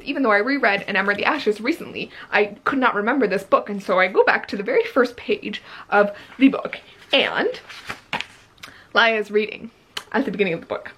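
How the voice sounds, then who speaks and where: A young woman giving an excited reading-update vlog, gushing and breathless, with lots of filler words. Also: mid-range voice, slightly rough, low-quality recording. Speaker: book vlogger.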